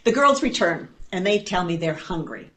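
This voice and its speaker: A woman and foster parent telling a personal story at a storytelling event, animated and playful, with dry asides. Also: lowish voice, moderate pace.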